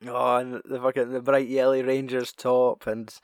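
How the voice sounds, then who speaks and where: A man's voice: mid-range voice, flat delivery, normal speed, clear, resonant tone, no room sound, studio quality. A young man in casual chat, swearing often, laughing and acting out film quotes.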